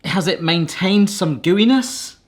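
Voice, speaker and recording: Excitable chatty male cooking vlogger. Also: high voice, slow. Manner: chatty, excitable, exclaims often. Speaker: cooking video host. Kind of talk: casual cooking vlog.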